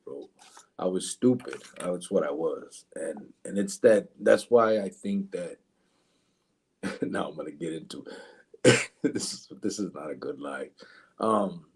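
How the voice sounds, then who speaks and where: A man's voice: deep voice, slightly rough. A man, hosting a live podcast, telling prison stories loosely with lots of swearing and laughter, and reading chat comments aloud. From Arizona, USA. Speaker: podcast host. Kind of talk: casual storytelling chat.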